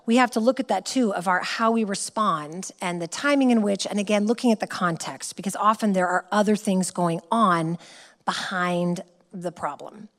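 A middle-aged woman preaches in a relaxed, conversational way. Her voice sits at a medium pitch, and she tells stories with lively energy. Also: normal speed. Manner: conversational, lively storytelling with laughs. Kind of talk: sermon.

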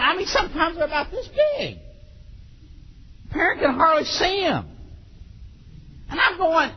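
A man preaching a sermon on raising children, acting out parents and children and bursting into shouts. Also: very high-pitched, sing-song, normal speed, long pauses, husky, lo-fi sound.

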